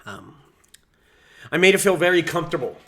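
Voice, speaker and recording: A man's voice: a little high, expressive, fairly quick, fairly bright tone. A man who runs a junk removal business, teaching sales in a casual, profane, storytelling way. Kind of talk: casual teaching talk to camera.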